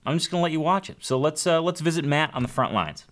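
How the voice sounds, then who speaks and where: A man's voice: on the high side, expressive, quick pace, fairly bright tone. A man hosting a guitar video show, chatty and enthusiastic as he reads out viewer mail and plugs the channel. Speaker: show host. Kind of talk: upbeat YouTube show presenting.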